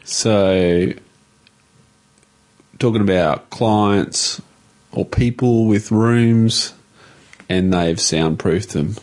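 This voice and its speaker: A man co-hosting a casual podcast, feeding short questions and quick interjections. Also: lowish voice, a little mellow. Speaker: podcast co-host.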